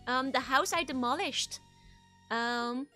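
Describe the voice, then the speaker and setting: A woman with a high, bright voice chats casually on a live stream and answers viewer messages as they come in. Soft game music plays in the background. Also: takes it slowly.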